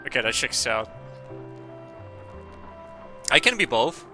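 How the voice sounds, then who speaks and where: A male streamer chats with his viewers while he plays. He rambles and jokes with a lot of swearing. The voice is bright and strained, and the pitch sits in a middle range with faint game music behind it. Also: very animated, slow. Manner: profane, rambling, joking. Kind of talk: casual gaming stream chat.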